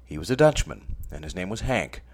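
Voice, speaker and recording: A middle-aged American man hosts a radio show in a low, deep voice. His delivery is scripted but loose, full of dry, sardonic asides. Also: sing-song, a little fast, a little mellow, slight background noise. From United States. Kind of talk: scripted comic radio monologue.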